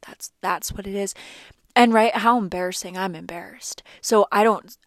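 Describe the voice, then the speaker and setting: A woman's voice: medium pitch, measured pace, no room sound, clean studio sound. A young woman vlogger telling a personal story in a chatty, casual way, full of "like" fillers. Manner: chatty, animated, many "like" fillers.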